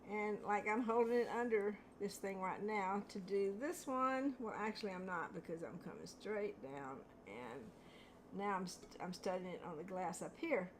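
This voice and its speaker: A woman's voice: medium pitch, moderate pace, a little hiss or hum. An older woman hosting a home craft video, chatting in a rambling way and laughing at herself while she paints. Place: home studio.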